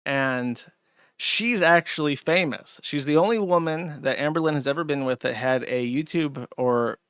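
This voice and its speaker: A man's voice: fairly high pitch, moderate pace, a bit bright, clean tone, no room sound. A man hosting a livestream, rambling through crude, sardonic commentary with lots of fillers, close to a desk mic. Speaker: streamer and host.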